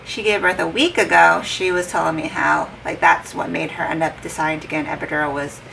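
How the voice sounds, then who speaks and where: Chatty pregnant woman, gravelly and bright. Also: deep voice, fairly even intonation, brisk. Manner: chatty, retelling with lots of "like" and quoted dialogue. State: heavily pregnant. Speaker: vlogger. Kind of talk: casual vlog chat. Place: home. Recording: distant mic with faint background noise.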